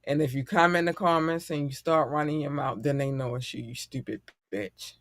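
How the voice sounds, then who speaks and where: A middle-aged man hosting a casual podcast chat, animated and profane and quick to laugh. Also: a little high, no room sound, studio quality. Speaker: podcast host.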